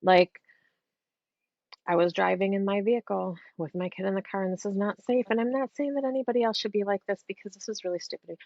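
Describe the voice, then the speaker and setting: A woman psychic medium, a podcast guest, telling a story in a chatty, animated way, now and then swearing casually. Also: medium pitch, fairly quick, vocal fry, no room sound. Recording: dull, dry lo-fi podcast audio.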